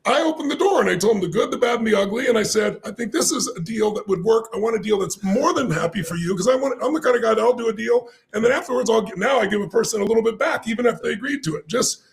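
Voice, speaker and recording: Older man, gravelly voice, high-pitched and rapid, animated storytelling guest. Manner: animated, acts out quoted people in shifting voices. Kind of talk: storytelling in a podcast interview.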